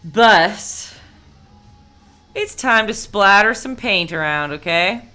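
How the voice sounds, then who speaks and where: A woman's voice: medium pitch, lively intonation, slow, pushed and bright. A woman leading a live-streamed painting lesson, chatty and encouraging, humming to herself as she works. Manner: chatty and encouraging, hums while working. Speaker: painting instructor.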